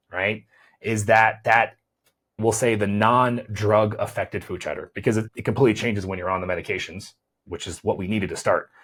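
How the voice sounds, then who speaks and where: This fairly low-pitched man, husky and slightly breathy, runs a health podcast and describes his methods as a chiropractor and weight loss coach. He works through ideas aloud, often restarting with repeated words and ending points with a questioning "right?".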